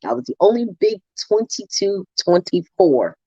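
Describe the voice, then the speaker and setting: A woman from New Jersey telling her story as a guest, animated and acting out voices. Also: mid-range voice, normal speed, slightly rough, no echo, highs cut off. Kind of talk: storytelling interview.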